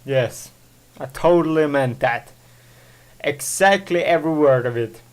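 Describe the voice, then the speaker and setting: A man's voice: on the high side, a little slow, clear, resonant tone. A man hosting his own solo podcast, rambling with many fillers and self-corrections. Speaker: show host. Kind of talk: casual solo podcast monologue.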